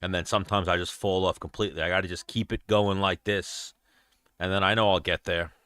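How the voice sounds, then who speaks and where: A man's voice: deep voice, steady tone, fairly quick, bright, forceful tone, clear, resonant tone, dry recording. A young adult man hosting a casual livestream chat, talking bluntly and profanely in a rambling way. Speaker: show host.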